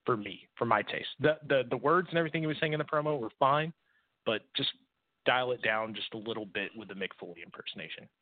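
A man's voice: medium pitch, quick pace. A man co-hosting a podcast, giving frank, opinionated takes in casual chat with some swearing. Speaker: podcast co-host. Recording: tinny phone-like audio, dry.

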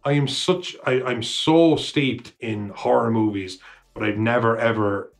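A man co-hosting a film podcast, chatting casually in a middle-pitched voice. He rambles, restarts his sentences and swears often. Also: fairly even intonation, measured pace. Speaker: podcast co-host. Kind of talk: casual chat.

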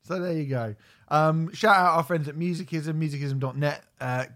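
A man's voice: on the high side, moderate pace, a bit bright. Hungover man hosting a casual podcast. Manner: chatty, swearing, joking. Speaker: podcast host. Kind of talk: casual chat.

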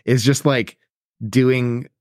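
A man's voice: mid-range voice, steady tone, slow, darkish tone, no room sound, studio quality. Profane man in casual podcast chat. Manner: loose and profane, trails off searching for words. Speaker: podcast co-host. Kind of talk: casual chat recapping a film.

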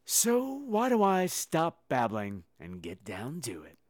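A man hosting a podcast, telling comedic stories in a campy, animated way with sudden loud exclamations. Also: on the high side, slow pace. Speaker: podcast host. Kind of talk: casual comedic monologue.

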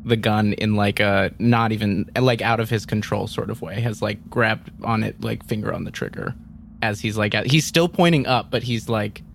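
A man playing a tabletop role-playing game, describing his character haltingly with many fillers. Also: lowish voice, vocal fry, a bit bright, slight background noise. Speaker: player.

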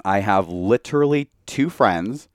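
A man's voice: fairly low pitch, animated, a little slow, no room sound, clean studio sound. A young man talking candidly as a podcast guest, a bit tipsy from tequila, filling his speech with "like.". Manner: candid, heavy use of "like". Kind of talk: casual chat.

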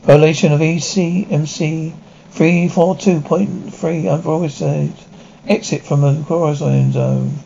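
Man, gravelly voice, dark tone, flat reading of dialogue and cues, lo-fi sound. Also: fairly high pitch, a little slow, a little hiss or hum. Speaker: describer. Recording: dull lo-fi recording.

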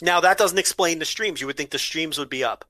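A man with a fairly high voice and a very bright, sharp tone trades blunt, wisecracking remarks. He talks like a podcast co-host in casual chat, close to a dry mic. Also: a little fast, no echo.

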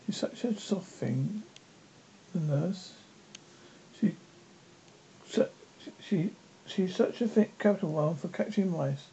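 A reader giving a polite, curious young girl a lifted voice in a halting storybook reading. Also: mid-range voice, dark tone. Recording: dull lo-fi with faint noise.

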